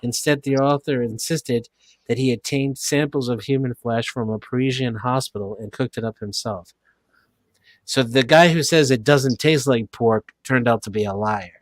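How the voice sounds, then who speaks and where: A man's voice: mid-range voice, moderate pace, no room sound. Man reading aloud in a dry room. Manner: steady, matter-of-fact reading.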